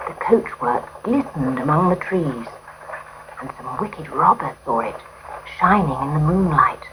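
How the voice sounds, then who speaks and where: A woman narrating a storybook in a gentle, expressive way. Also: low voice, unhurried, background noise.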